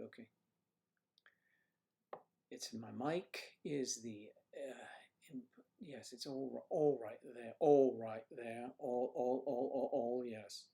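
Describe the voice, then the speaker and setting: A gravelly-voiced man chats on a livestream through a desk computer mic. He keeps clearing his throat and half-mutters to himself as he pokes at his settings, speaking at an ordinary pitch. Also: a little mellow. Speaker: livestream host. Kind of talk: casual livestream chat while fixing tech trouble. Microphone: computer microphone at a desk.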